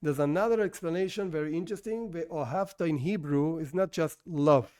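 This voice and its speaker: High-voiced man teaching a religious class. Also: brisk. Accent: non-native English speaker. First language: not English. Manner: conversational, animated, rhetorical questions and restarts. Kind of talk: informal religious lesson.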